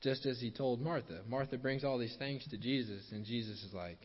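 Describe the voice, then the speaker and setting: A man preaching a sermon, repeating key phrases for emphasis and dropping softer at the end of his points. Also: medium pitch, a little fast. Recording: dull lo-fi sound with long hall reverb.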